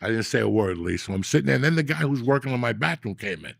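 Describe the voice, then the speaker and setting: A man hosting a podcast, telling a long profane story in a loud, animated street manner. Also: mid-range voice, very fast, creaky, no room sound, studio quality. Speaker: podcast host. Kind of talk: casual storytelling.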